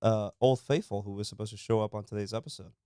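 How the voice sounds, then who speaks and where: A man co-hosting a casual beer-tasting podcast, relaxed and chatty, with plenty of ums and uhs. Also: lowish voice, quick pace, smooth, no room sound, studio quality. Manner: relaxed, chatty, says um and uh often. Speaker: podcast co-host.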